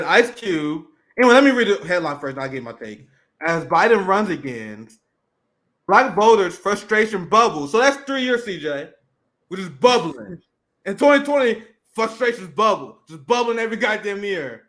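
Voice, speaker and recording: Man, 30s, political co-host; sarcastic, profane, high-ish voice. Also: a bit bright. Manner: sardonic, reads headlines and mocks them. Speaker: podcast co-host. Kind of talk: casual political commentary.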